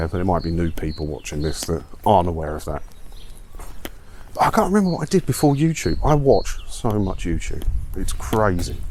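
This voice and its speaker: Deep-voiced man, rambling vlog. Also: darkish tone, a little hiss or hum. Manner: rambling, chatty, self-mocking. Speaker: vlogger. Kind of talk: casual walking vlog chat. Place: outdoors, walking up a hill.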